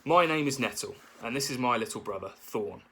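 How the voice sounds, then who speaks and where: A man's voice: medium pitch, expressive, brisk, pushed and bright, a little hiss or hum. Nettle, a man playing a sarcastic bully bear. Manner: sarcastic and menacing. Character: sarcastic bossy young female bear.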